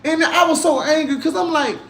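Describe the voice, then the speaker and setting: Animated slangy man in an echoey room. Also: brisk, creaky. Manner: animated, swinging from low grumbles to loud outbursts; slangy, preachy mix of faith and crypto talk. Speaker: crypto livestream host. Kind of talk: casual livestream chat reading comments.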